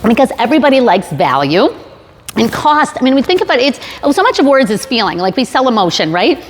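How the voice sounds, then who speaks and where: A woman's voice: fairly high pitch, big pitch swings, quick pace, slight background noise. A woman giving a casual sales talk to a live audience, chatty and jokey with many fillers and restarts. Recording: long hall reverb.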